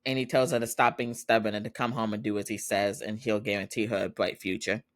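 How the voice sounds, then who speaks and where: A man's voice: on the low side, level tone, quick pace, no room sound, clean studio sound. A man hosting a podcast, recapping a drama episode in a chatty way, laughing often and acting out the characters' lines. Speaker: podcast host.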